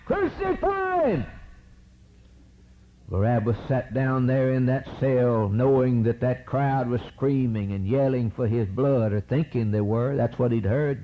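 A man preaching a sermon in a rhythmic, dramatic style, rising to high cries and dropping low again. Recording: dull lo-fi recording with faint hiss.

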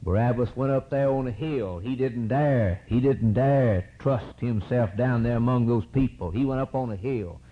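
A man preaching a sermon in a rhythmic, dramatic style, rising to high cries and dropping low again. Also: moderate pace, few pauses. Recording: dull lo-fi recording with faint hiss.

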